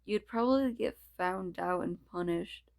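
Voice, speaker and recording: A playful male gelatin character with a low, slow voice ribs his friend. He stumbles and restarts over his words, as a woman reads him aloud. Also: creaky. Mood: teasing. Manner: stumbling, halting reading.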